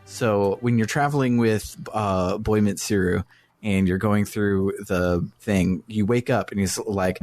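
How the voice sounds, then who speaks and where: A man co-hosting a casual game podcast, retelling scenes in a relaxed way and laughing easily. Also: on the low side, a little slow. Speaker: podcast co-host. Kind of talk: casual chat.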